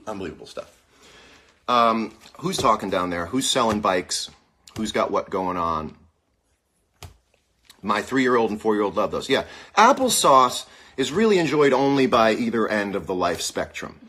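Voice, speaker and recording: A man's voice: lowish voice, unhurried, a little hiss or hum. A man hosting a casual livestream, rambling and joking through a monologue with a sore mouth. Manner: rambling, jokey and animated. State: sore mouth after dental problem. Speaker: host. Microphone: phone.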